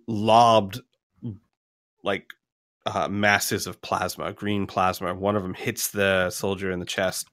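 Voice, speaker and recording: A man's voice: lowish voice, no echo, studio quality. A man narrating combat as game master of a tabletop game, rambling and laughing as he counts out damage. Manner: rambling, laughs between lines, counts out loud.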